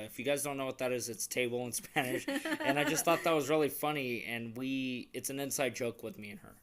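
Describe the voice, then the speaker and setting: A man's voice: mid-range voice, big pitch swings, fairly quick, hardly any pauses, a bit bright. A young man chatting casually on a couple's vlog, earnest and rambling, with many restarts. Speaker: vlogger.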